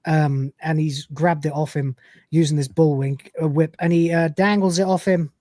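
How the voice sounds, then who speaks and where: A man's voice: fairly high pitch, fairly even intonation, normal speed, warm tone, no room sound. A man hosting a podcast, recapping a TV episode in a chatty, rambling way and laughing often. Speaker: podcast host.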